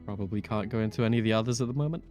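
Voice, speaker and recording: A man giving chatty, excitable gameplay commentary as a streamer, full of quick asides. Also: lowish voice, soft background music. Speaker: gaming streamer.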